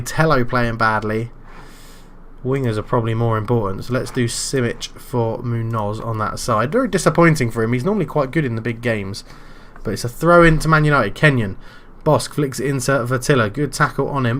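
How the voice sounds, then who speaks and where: A British man commentating his own football management game, calm between moves and shouting loudly when his side scores. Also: medium pitch. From Britain. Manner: excitable, bursts into loud shouting at goals. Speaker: gaming YouTuber.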